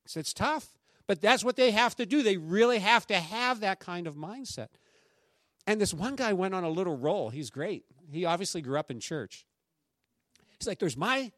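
A pastor delivers a sermon in a notably high voice, keeping it lively and conversational and acting out what the people in his stories say. The sound is close and dry, with almost no room around it and no echo.

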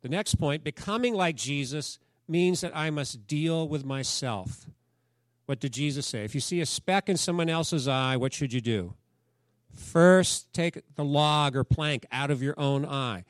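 A pastor delivers a sermon in a fairly high male voice, recorded dry with clean studio quality. He speaks conversationally, telling stories and putting questions to the congregation.

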